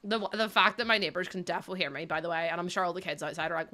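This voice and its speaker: A woman in her thirties streaming from her room at home, chatting to her viewers while she plays, giggly and animated. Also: fairly low pitch, rapid-fire, few pauses. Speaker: livestreamer. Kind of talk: casual chat while gaming.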